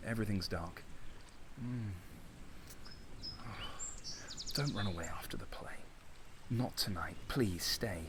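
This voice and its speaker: An actor playing an earnest young playwright in an audio drama, soft and pleading, stammering when flustered. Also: male voice, lowish voice, animated, normal speed, heavy background noise, natural voice. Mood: tender, pleading. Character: young man Konstantin, earnest, lovesick playwright. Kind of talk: radio play acting.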